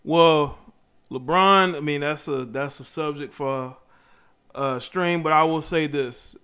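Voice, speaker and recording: A man hosting a livestream, reacting to clips, shouting out viewers and arguing his points. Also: on the high side, takes it slowly, smooth. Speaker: livestream host. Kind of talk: reaction commentary.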